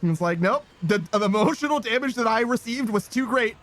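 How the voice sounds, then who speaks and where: A man's voice: very high voice, lively intonation, a little fast, fairly bright tone. Rambling man streaming a game. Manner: rambling, reads chat aloud, laughs easily. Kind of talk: casual game stream chat. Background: faint game music.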